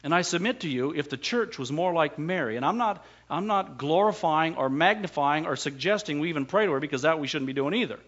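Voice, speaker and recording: A man preaches with a high, bright voice and keeps asking the congregation rhetorical questions. He leans hard on his points. The recording sounds dull and lo-fi. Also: animated, a little fast, hardly any pauses. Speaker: pastor. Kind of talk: sermon.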